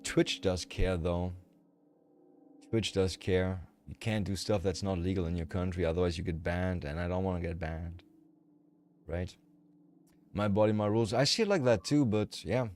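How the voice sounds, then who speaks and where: A man's voice: sits low, fairly even intonation, moderate pace, a little mellow, a little hiss or hum. A man from Germany with a German accent, chatting casually with viewers on a livestream in a rambling, frank and profane way.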